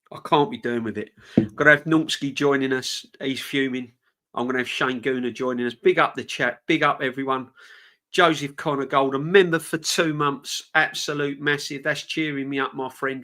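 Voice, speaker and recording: A man's voice: mid-range voice, bright, forceful tone. A man hosting a fan channel live stream, ranting with passion and repeating himself. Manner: passionate, fuming, repetitive.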